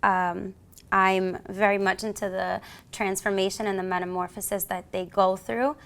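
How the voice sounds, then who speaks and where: A woman's voice: medium pitch, normal speed, vocal fry. A woman from the United States with a New York accent, a police officer telling a story as an interview guest and acting out the voices in it. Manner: acts out voices in her stories, lively and theatrical. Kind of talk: animated storytelling.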